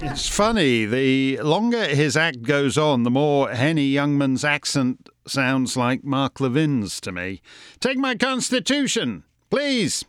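A man's voice: medium pitch, takes it slowly, few pauses, clean tone, dry recording, some chatter behind. A man hosting his show, delivering a sardonic monologue with playful wordplay into a studio mic. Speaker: show host. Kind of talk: wry monologue.

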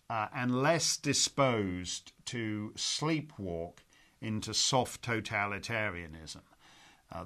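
A man hosting a show, reading listener letters and answering them in measured, opinionated commentary with frequent hesitations. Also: medium pitch, a bit bright. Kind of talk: conversational commentary.

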